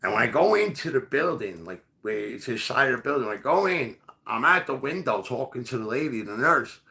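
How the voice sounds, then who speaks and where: A man's voice: mid-range voice, big pitch swings, brisk, creaky, sharp tone. A man casually telling a rambling, profane story full of fillers. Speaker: podcast host.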